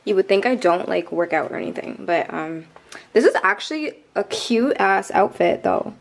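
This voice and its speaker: A woman's voice: mid-range voice, animated, moderate pace, vocal fry. A young woman in her twenties chatting casually to her vlog camera, out of breath, laughing often and using slang. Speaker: vlogger.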